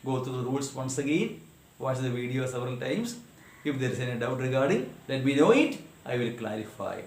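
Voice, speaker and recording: A man's voice: mid-range voice, sing-song, echoey room. A man teaching English grammar with an Indian English accent, reading example words with careful, exaggerated stress and checking in with his students. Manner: slow and deliberate, checks in with "Okay, na?". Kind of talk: recorded grammar lesson.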